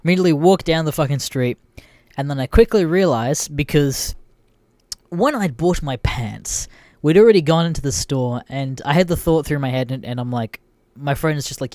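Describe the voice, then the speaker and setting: A man's voice: on the high side, moderate pace, darkish tone, no echo. A young Australian man hosting a podcast, telling a story casually with lots of swearing and laughter. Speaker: podcast host.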